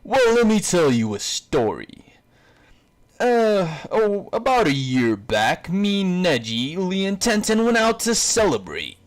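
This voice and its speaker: Guy putting on a high loud over-the-top sensei, boastful and excitable, fan story reading. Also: takes it slowly, full character voice. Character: loud, sobbing, boastful male martial arts teacher.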